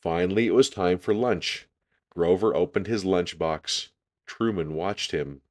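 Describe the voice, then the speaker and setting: A man reading a children's picture book aloud, calm and deliberate. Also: sits low. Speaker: storyteller.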